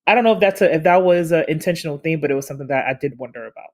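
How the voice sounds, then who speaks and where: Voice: mid-range voice, rapid-fire. A co-host on a casual film review podcast, thinking aloud carefully and restarting sentences often. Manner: thoughtful, hedging, many restarts mid-sentence.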